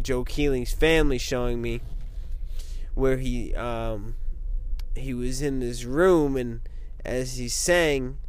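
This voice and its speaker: A man speaks in an unhurried, rambling monologue, keeping his voice at an ordinary pitch. He meanders from point to point and peppers his talk with fillers and casual asides. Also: clean tone. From American Midwest.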